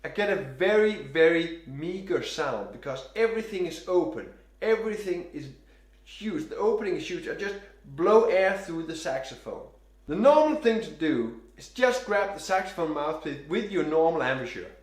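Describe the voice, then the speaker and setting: A man coaches saxophone breathing and tone with calm, step-by-step instructions, demonstrating as he talks. His voice sits a little high and moves up and down a lot. The room adds a clear echo around him. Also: moderate pace. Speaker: saxophone teacher. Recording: roomy echo.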